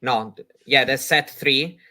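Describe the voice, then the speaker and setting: A man's voice: medium pitch, a little slow, pushed and bright. A man co-hosting a live tennis watchalong, talking through rally stats with hesitant fillers. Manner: hesitant, many fillers, stat-minded. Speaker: podcast co-host. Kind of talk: casual live watchalong chat.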